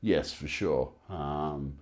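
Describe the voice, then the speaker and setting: A man, a game developer, answering quick questions in a relaxed, casual way, often pausing with ums and uhs. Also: very deep voice. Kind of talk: casual rapid-fire Q&A.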